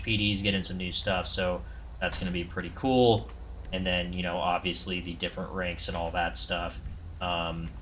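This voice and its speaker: A man's voice: low voice, pushed and bright, a little hiss or hum. A man casually narrating a walkthrough of a game server he helps build, in a loose, rambling way with lots of ums and restarts. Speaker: server developer showing off his game server.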